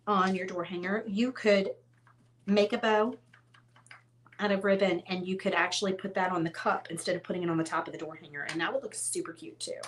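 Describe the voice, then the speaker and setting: Chatty woman teaching crafts. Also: medium pitch. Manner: chatty, self-teasing, talks straight to viewers. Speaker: craft tutorial host. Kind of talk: casual painting tutorial.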